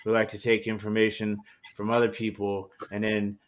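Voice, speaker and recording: Man, slightly low voice, earnest measured casual chat. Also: completely flat delivery. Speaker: reseller on a livestream panel.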